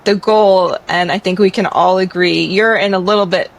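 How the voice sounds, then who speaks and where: Gravelly-voiced woman podcast guest. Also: on the low side, fairly even intonation, normal speed, low-quality recording. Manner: earnest, conversational, thinks aloud. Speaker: podcast guest, divorce expert. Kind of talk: casual chat.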